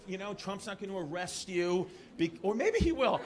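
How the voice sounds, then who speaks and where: A man's voice: sits high, sing-song, a little fast, hardly any pauses. A man from New doing live stand-up comedy in a club, rambling and self-deprecating while teasing the crowd. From New York. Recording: live club, loud audience and room noise.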